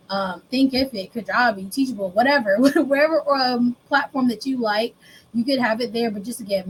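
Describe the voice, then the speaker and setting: This is a woman presenting a business workshop, her voice sitting slightly higher than most. She keeps it conversational and animated. She often drops into playful acted-out exchanges with her clients. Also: slight background noise, low-quality recording. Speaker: business coach and speaker.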